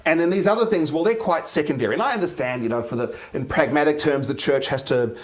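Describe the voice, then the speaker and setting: Aussie bishop chatting in an interview, lively storyteller, kinda higher voice, laughs a lot. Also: male voice, fast talker. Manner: animated storyteller, acts out quoted voices, laughs often. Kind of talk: casual conversational interview.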